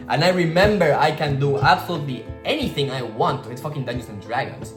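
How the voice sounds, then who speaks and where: A man's voice: medium pitch, expressive, fairly quick. Rambling slangy man in echoey room. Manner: rambling, slangy, swears freely, many "like" fillers. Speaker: vlogger. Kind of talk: casual storytelling vlog. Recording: roomy echo with guitar music behind.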